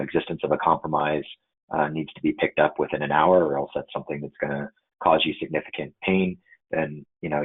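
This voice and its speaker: A man's voice: rumbling low, breathy edge. A man speaking as a security expert on a webinar panel, hesitant, with many fillers and restarts, heard over a remote call. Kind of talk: webinar discussion. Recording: muffled phone-like line.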